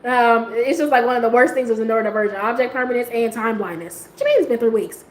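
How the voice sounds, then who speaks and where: Chatty woman with a slangy, laughing ramble. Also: fast talker. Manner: laughing often, jumping into high squeals when quoting herself; slang-heavy, rambling, trailing off quietly. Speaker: host. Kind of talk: casual chat. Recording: echoey room with faint ambient noise.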